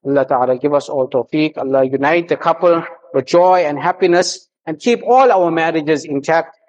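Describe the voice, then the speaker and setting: A man's voice: a little high, moderate pace, lo-fi sound. A man giving a marriage sermon, telling a humorous story and exhorting the congregation.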